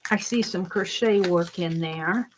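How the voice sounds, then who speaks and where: A woman's voice: on the low side, measured pace, slight background noise, low-quality recording. A middle-aged woman chatting cheerfully while she crafts at home, thinking aloud as she works. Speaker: craft vlogger. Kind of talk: casual crafting vlog chat.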